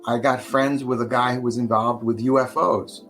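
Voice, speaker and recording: A man's voice: mid-range voice, steady tone, moderate pace, fairly bright tone, faint music behind, poor audio. An older man, a guest on a podcast, recounting his past in an easygoing storytelling way. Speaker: guest, Tesla author.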